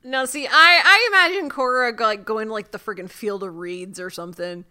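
A woman co-hosting a podcast in casual chat, joking about a TV show with animated, exaggerated outrage. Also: on the high side, fairly quick, clear, resonant tone. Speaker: podcast co-host.

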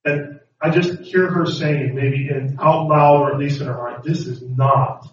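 A man's voice: a little high, normal speed, a little hiss or hum. A man preaching a sermon in a reflective way, asking rhetorical questions. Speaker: pastor. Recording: echoey room, distant mic, dull sound.

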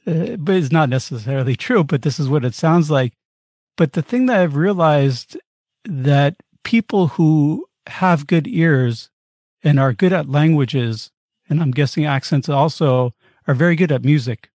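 Chatty American podcast host. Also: male voice, on the high side, a little slow, darkish tone, no room sound, studio quality. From East Coast of the United States. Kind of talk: conversational interview.

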